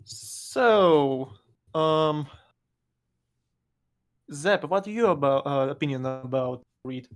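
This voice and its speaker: A man speaking halting English. He is a guest in a casual chat, with frequent pauses and loose grammar. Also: fairly high pitch. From Russia. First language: Russian. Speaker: podcast guest.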